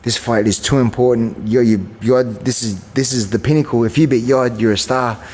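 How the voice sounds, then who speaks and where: A man's voice: mid-range voice, steady tone, moderate pace, a little mellow, long reverb tail. A man, telling stories in a casual interview, rambling with fillers and restarts and acting out quotes. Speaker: guest, champion kickboxer.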